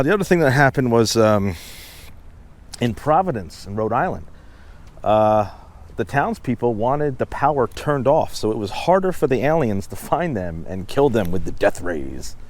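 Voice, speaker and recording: A man's voice: mid-range voice, very animated, measured pace, long pauses, a little mellow. A man casually telling history on location outdoors, rambling and chatty with lots of fillers and asides. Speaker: history vlogger and tour host.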